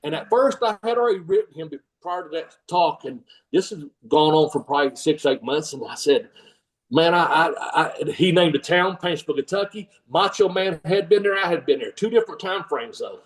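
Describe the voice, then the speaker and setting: An older man with a drawl spins a long, rambling story in a relaxed interview. His voice sits a bit high for a man, and he keeps breaking into laughter as he acts out the fans he quotes. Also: fairly quick, far from the mic, poor audio. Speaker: guest, former pro wrestler and trainer.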